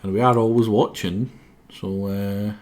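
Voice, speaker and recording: A man's voice: lowish voice, steady tone, measured pace, darkish tone. A man streaming a game, with a sore throat, rambling and self-mocking as he stumbles over his words. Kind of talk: casual game commentary.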